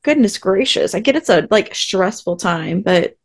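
A woman's voice: mid-range voice, normal speed. A woman co-hosting a podcast, recapping a TV episode in casual chat with sarcastic asides. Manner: animated, sarcastic asides, acts out quotes. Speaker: podcast co-host.

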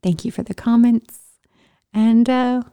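A woman vlogger chatting casually to camera in a studio, telling a personal story in a lively way with slangy exclamations. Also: fairly high pitch, unhurried.

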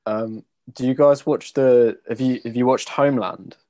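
A young man in a band, chatting casually in an interview, rambling and trailing off softly at the ends of thoughts. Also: medium pitch, normal speed, dry recording. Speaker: band member.

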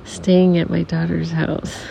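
Slow, creaky-voiced middle-aged woman. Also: lowish voice, level tone. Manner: soft-spoken, halting, many restarts; drops to near-whispers. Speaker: podcast guest. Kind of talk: reflective personal storytelling. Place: room in a family home. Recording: dull recording with faint air conditioner hum. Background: air conditioner hum.

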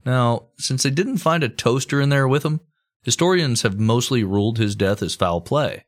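A man's voice: mid-range voice, moderate pace. A man hosting a comedy history podcast, telling the story casually with crude jokes and plenty of swearing. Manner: crude, joking, swears freely.

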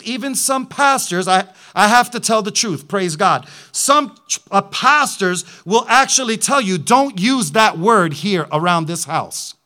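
A man's voice: sits high, pushed and bright. A man, a pastor, preaching a testimony with impassioned storytelling that builds into fervent declarations.

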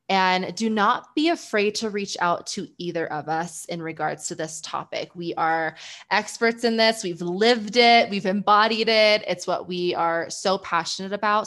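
A woman's voice: medium pitch, a bit bright. Gushing, heartfelt woman podcast host. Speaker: podcast host and business coach. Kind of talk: casual podcast intro.

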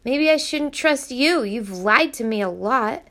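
A woman's voice: sits high, expressive, measured pace, pushed and bright, pitched above the performer's own voice, exaggerated voice. A woman reading aloud voices a desperate teenage girl who pleads breathlessly and urgently. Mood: emotional.

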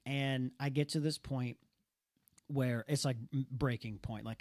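A man's voice: mid-range voice, steady tone, a little slow, darkish tone, no room sound, studio quality. A young man co-hosting a casual talk, telling a personal story earnestly with many restarts. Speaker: podcast co-host.

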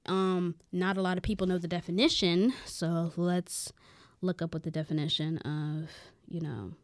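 A young adult woman co-hosting a podcast, telling a story in casual chat, animated and full of "like", acting out what people said. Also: on the low side, moderate pace, no room sound, clean studio sound. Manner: animated, chatty, full of "like" and acted-out quotes. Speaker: podcast co-host.

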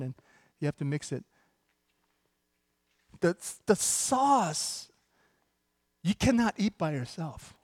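A man preaching a sermon as pastor, moving between relaxed, joking asides to the congregation and emphatic, building declarations. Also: on the high side, no echo, studio quality. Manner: conversational and joking, with sudden emphatic bursts.

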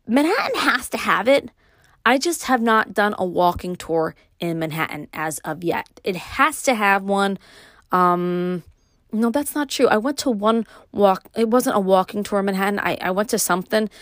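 Woman, Brooklyn accent, middle-aged, solo podcast, rambling, pauses a lot, dry close sound. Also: mid-range voice, no room sound. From New York. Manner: rambling, pauses and restarts often. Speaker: podcast host. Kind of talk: casual solo podcast monologue.

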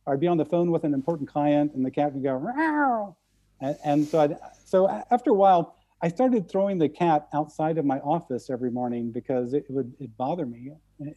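A man from the central United States, a guest telling stories in conversation, halting and often repeating his words. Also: fairly high pitch, mellow, highs cut off. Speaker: guest speaker. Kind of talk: storytelling in conversation.

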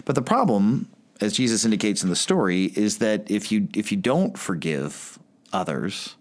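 A man with a deep, low-pitched voice delivers a sermon. He keeps it conversational, with plenty of "like" and self-corrections, as though chatting with his listeners rather than orating. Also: very animated, moderate pace. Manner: conversational preaching with frequent "like" and restarts. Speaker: pastor.

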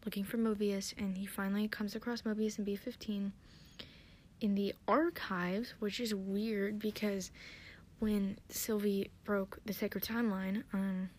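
A young woman hosting a podcast, recapping and theorizing in a chatty, excitable way with lots of fillers. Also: mid-range voice. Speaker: podcast host.

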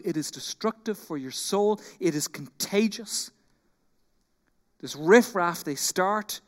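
A man preaching a sermon as pastor, animated, acting out quoted complaints and then dropping into quiet intensity. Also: high voice. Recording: long hall reverb.

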